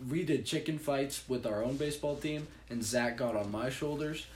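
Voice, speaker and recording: A man's voice: mid-range voice, normal speed, a little mellow, a little hiss or hum. A young man and baseball player in casual chat, eagerly chiming in to fill out a shared story. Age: young adult. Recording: roomy echo with faint ambience.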